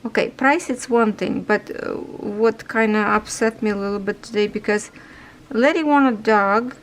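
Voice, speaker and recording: A woman's voice: on the high side, normal speed, a little hiss or hum, low-quality recording. A woman chatting casually while she stitches, speaking broken, non-native English in a rambling way and sounding a little stuffy. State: stuffy nose. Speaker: cross-stitch vlogger.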